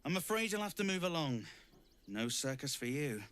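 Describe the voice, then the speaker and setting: An actor playing a flattering, smooth-talking male circus barker in a video game. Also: on the high side, moderate pace. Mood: showy. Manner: theatrical, flattering, sing-song announcing. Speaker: circus greeter.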